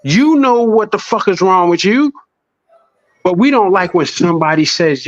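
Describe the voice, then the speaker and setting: A man in a casual podcast chat, swearing freely and preaching with animated storytelling. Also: high voice, normal speed, no echo, dull audio.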